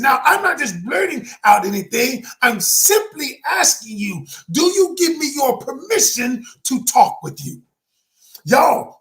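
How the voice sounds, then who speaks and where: A man's voice: extremely high pitch, a bit bright. A man speaking as a communication coach, teaching in an emphatic, preacher-like motivational style, often raising his voice.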